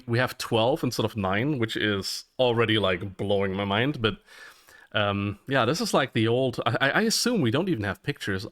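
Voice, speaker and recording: A man streaming and commenting on a retro adventure game live, chatty and excitable, laughing and cursing now and then. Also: mid-range voice. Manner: excitable, chatty, laughs often, curses when surprised.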